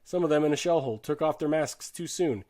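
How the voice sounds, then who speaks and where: A man giving a dramatic audiobook narration of a war novel, earnest and shifting his loudness sharply with the drama. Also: on the high side, fast. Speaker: audiobook reader.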